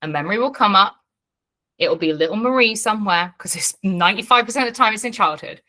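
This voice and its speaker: A woman's voice: mid-range voice, quick pace, sharp tone. A woman teaching an online class as a coach, talking frankly and bluntly, swearing freely and checking in with her listeners.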